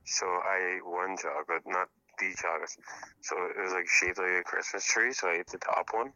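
A man's voice: deep voice, steady tone, moderate pace, bright, forceful tone, no echo, dull audio. A man calling in by phone, telling a profane, laughing story in casual chat. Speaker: caller. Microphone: phone call.

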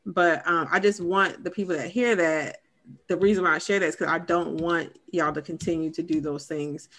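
Bright-voiced woman telling a candid story. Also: on the low side, fairly even intonation, moderate pace. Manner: candid storytelling with many fillers. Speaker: podcast co-host. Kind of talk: casual chat, personal story.

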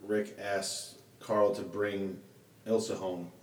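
A man's voice: on the low side, little pitch movement, slow pace, darkish tone. A man casually recapping a film as a podcast co-host, rambling and slangy. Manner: rambling, laid-back, slangy. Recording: roomy and distant from the mic.

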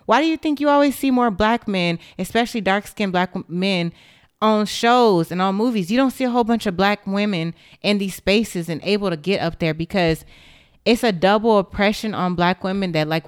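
Impassioned woman, smooth low voice. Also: a little fast, no echo, studio quality. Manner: emphatic, indignant, blunt with swearing. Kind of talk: impassioned direct-to-camera monologue.

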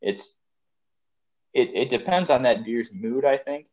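A man's voice: mid-range voice, measured pace, dull audio. A man chatting casually on a podcast as a guest, rambling with lots of fillers. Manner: rambling, conversational, many fillers. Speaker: podcast guest, deer hunter.

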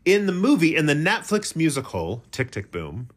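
A man's voice: on the high side, huge pitch swings, normal speed. A middle-aged man co-hosting a podcast, telling a rambling, self-mocking story in casual chat. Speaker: podcast co-host.

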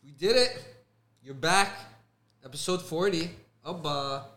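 A young adult man co-hosting a podcast in casual chat, joking, animated and slangy. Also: on the high side, a little slow. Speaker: podcast co-host.

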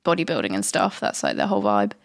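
A young woman co-hosting a podcast in casual chat, chatty and quick to laugh. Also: a bass voice, huge pitch swings, creaky, no echo, clean studio sound. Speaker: podcast co-host.

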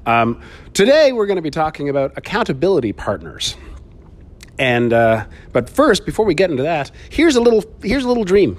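A man's voice: a little high, huge pitch swings, fairly quick. A man hosting a casual solo podcast, rambling and swearing with frequent laughs while he walks around his studio. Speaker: podcast host.

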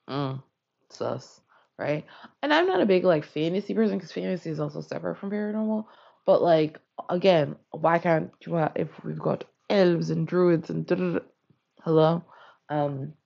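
A woman hosting a casual book podcast, slangy and animated, often swinging between loud and soft. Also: lowish voice, gravelly, husky, lo-fi sound. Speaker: podcast host. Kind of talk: casual book-review chat.

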